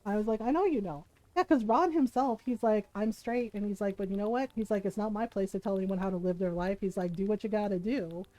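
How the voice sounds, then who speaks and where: A woman's voice: medium pitch, a little fast, dark tone, dry recording, low-quality recording. A middle-aged woman streaming, telling stories in casual chat and laughing often as she talks. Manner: chatty storyteller, laughs often.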